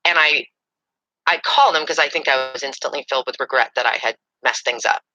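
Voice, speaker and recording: A woman's voice: rumbling low, brisk, bright, forceful tone, no room sound, low-quality recording. A woman telling a personal story in a casual interview, with a dramatic, breathless way of talking. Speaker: interview guest.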